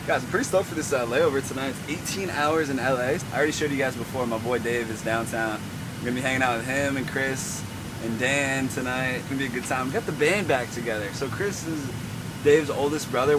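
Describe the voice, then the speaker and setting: A man's voice: mid-range voice, noisy background. A man in casual vlog chat, upbeat and joking with slangy talk, filming himself on a handheld camera. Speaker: flight attendant vlogger. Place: airports, planes and streets, indoors and outdoors. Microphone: handheld camera mic.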